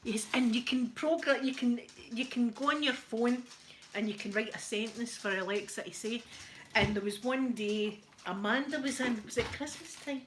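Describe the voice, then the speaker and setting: A woman's voice: on the high side, moderate pace, a little hiss or hum, low-quality recording. A Scottish woman chatting casually while she irons, hosting her stream and laughing often. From Scotland. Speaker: live-stream host. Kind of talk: casual chat while ironing.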